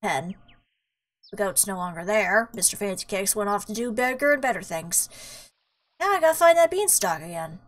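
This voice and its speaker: A woman's voice: mid-range voice, animated, normal speed. A woman streamer giving casual, jokey commentary while playing an adventure game, often telling the character where to go. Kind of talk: casual let's-play commentary.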